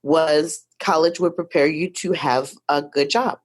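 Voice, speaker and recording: Interview guest, woman in her 50s from Detroit, lower voice, chatty storyteller with asides. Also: fairly even intonation, measured pace, husky. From Detroit, USA. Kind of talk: casual storytelling conversation.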